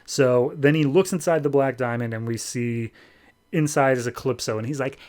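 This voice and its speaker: A man hosts a podcast and recaps a comic book in casual, animated storytelling. His tone is sarcastic at times, and his voice sits at an ordinary middle pitch. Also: moderate pace. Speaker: podcast host.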